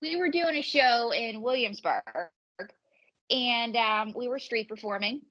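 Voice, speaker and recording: A woman comedian and ventriloquist, appearing as a podcast guest, tells rambling, jokey anecdotes in a comic storytelling style. Her voice is a little high, fairly bright in tone and a little slow, though the audio sounds dull.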